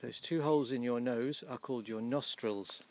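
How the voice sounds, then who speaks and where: A man giving casual, gently humorous commentary outdoors by a field, slowly explaining English words as he films. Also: medium pitch. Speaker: vlogger teaching English.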